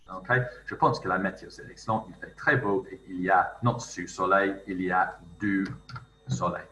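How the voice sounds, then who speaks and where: A man talks through a writing exercise, thinking aloud and reading out foreign phrases slowly and carefully. His voice is bright and forceful, set a bit low. He sits a little back from the mic in a roomy space with faint noise underneath. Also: distant mic. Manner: thinks aloud while typing, reads French phrases slowly. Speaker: language teacher. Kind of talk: screen-recorded tutorial.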